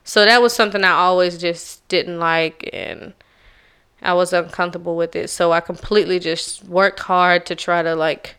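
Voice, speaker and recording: A woman from Charleston, South Carolina, sharing a personal story on a podcast in a soft, reflective and carefully slow way. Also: lowish voice, fairly even intonation, clean tone. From Charleston, South Carolina, USA. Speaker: podcast co-host.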